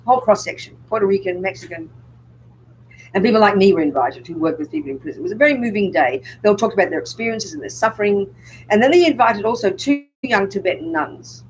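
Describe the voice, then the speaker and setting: A woman's voice: mid-range voice, a little hiss or hum, low-quality recording. An older woman, a Buddhist nun, giving a public dharma talk and pressing her audience with rhetorical questions.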